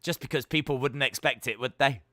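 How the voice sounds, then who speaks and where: Bright-voiced British man bantering. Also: medium pitch, brisk, no room sound, studio quality. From United Kingdom. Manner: jokey, teasing, deadpan banter. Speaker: live-stream host. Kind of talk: casual chat reading viewer comments.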